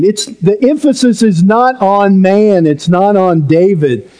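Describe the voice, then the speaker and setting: Slow, mellow-voiced male preacher. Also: high voice, lively intonation. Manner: earnest, emphatic preaching with playful asides. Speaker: pastor. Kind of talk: sermon.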